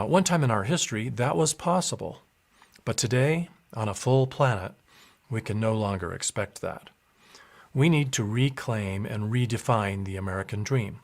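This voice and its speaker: A man delivering a prepared campaign speech as a presidential candidate, in a measured, deliberate way. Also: on the low side.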